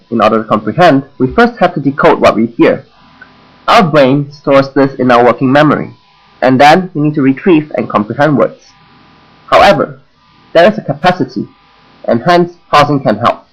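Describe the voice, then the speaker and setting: A young man with a Hong Kong English accent presents to his class from a script. He speaks in a slightly raised register, measured and demonstrative, and leaves deliberate pauses between points. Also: on the high side, low-quality recording. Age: young adult. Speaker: university student presenter.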